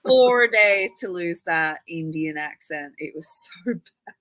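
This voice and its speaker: A woman's voice: lowish voice, animated, takes it slowly, a bit bright, dry recording, rough recording. A woman from Australia hosting a casual live stream, chatty and full of rambling anecdotes. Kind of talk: casual chat.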